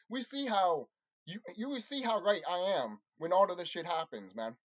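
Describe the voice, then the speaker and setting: A channel host delivering an angry, profane monologue to viewers, repeating himself and insulting his audience. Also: moderate pace. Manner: lively swings in pitch and loudness. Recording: dull lo-fi recording.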